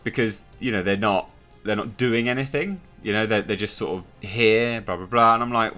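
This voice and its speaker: A man's voice: on the low side, moderate pace, few pauses, pushed and bright. A young man reviewing a TV episode in a casual, sarcastic, exasperated way, with a faint music bed behind him. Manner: sarcastic, exasperated, mocking impressions. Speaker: TV show reviewer.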